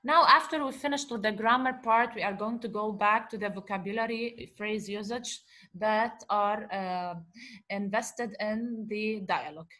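A woman teaching a grammar lesson, explaining slowly, repeating examples and asking the class rhetorical questions. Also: medium pitch, sharp tone. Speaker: Arabic teacher.

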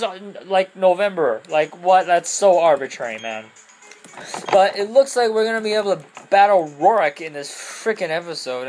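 A young woman giving goofy, rambling commentary over a video game, often breaking into loud squeals and silly voices. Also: lowish voice, poor audio. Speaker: let's play commentator.

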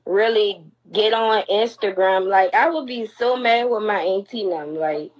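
A young woman rants straight into her phone during a live stream, blunt and confrontational, scolding everyone listening. Her voice sits at an ordinary middle pitch. The audio is lo-fi, with the dull, muffled edge of a phone livestream. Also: measured pace.

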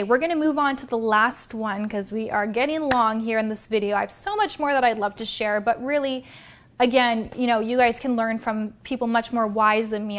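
A woman, a business coach and vlogger, giving an energetic, direct motivational talk to her viewers. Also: on the high side.

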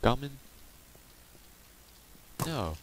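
A man's voice: medium pitch, big pitch swings, very slow. A man giving casual gameplay commentary, chatting to the monsters on screen, swearing freely and sometimes dropping to a murmur. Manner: chats to game monsters, swears, drops to a murmur. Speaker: Let's Play host. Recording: clear background noise.

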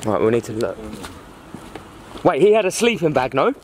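A man leading a scripted street film, confronting people and telling them to calm down, outdoors in town. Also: medium pitch, normal speed. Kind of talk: acted first-person drama. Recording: outdoor noise, traffic.

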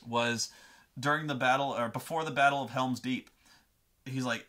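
A man's voice: medium pitch, fairly even intonation, normal speed, long pauses, pushed and bright. Rambling, foul-mouthed man host. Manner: rambling, profane, tangent-prone. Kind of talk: comedic rant.

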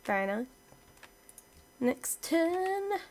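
A woman's voice: extremely high pitch, very animated, drawn-out words, a little hiss or hum. A young woman chatting casually through her strategy game, talking to her units as she plays. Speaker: let's play gamer. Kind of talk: casual gameplay commentary.

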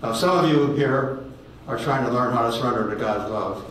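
A man's voice: medium pitch, a bit bright. Man in his 80s, echoey distant hall. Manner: halting, repeats words, folksy storytelling. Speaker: guest speaker giving testimony. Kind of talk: personal testimony sermon. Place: ministry meeting room with audience. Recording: very echoey hall, distant mic, faint noise.

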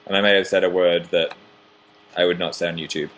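A man's voice: deep voice, flat delivery, fairly quick, a bit bright. A young man in his twenties casually chatting on a home livestream, reading viewer comments aloud with self-deprecating humor. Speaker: livestream host.

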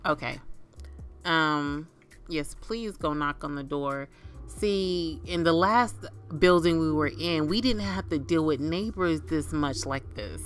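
A woman's voice: deep voice, slow, clean tone, soft background music. Chatty woman narrating her life-sim game. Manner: chatty, talks to her game characters like family. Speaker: gaming channel host. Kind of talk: casual life-sim gameplay commentary.

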